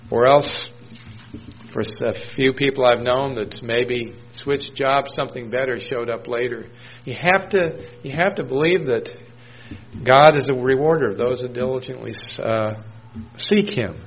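A man's voice: medium pitch, fairly bright tone. Conversational male preacher, dull recording. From New Hampshire, USA. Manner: storytelling, conversational with scripture quotes. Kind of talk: sermon.

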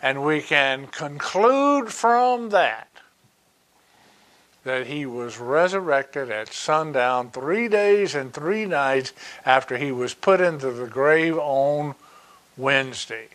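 A man preaching in a slow, deliberate way, working verse by verse through scripture. His voice sits somewhat high and sounds bright and forceful, and he takes his time with each phrase. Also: expressive. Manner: slow, deliberate Bible exposition with asides. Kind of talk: sermon.

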